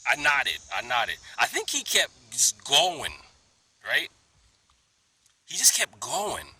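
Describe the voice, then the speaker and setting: A man telling a story to his phone camera in a park, animated, mimicking others in high voices and dropping to whispers. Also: slow, slightly rough. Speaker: vlogger. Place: outdoor park, under a tree.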